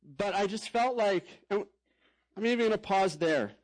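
Man, pastor, sermon, high voice, candid, conversational, casual fillers. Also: expressive, moderate pace, low-quality recording. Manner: candid, conversational preaching with frequent "like" and "you know".

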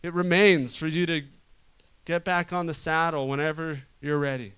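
A man preaching a sermon to a room, swinging from loud urgent stretches to quiet soft ones. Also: on the high side, little pitch movement, normal speed, clean tone. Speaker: pastor.

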